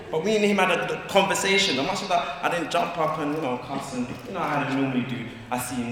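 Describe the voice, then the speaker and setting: A man speaking at a community forum, telling stories in lively slang and often asking if people follow him. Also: a little high, fast, background noise. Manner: lively, storytelling, slangy, asks "you get me?". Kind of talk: animated community discussion. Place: large community hall. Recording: echoey hall, distant mic.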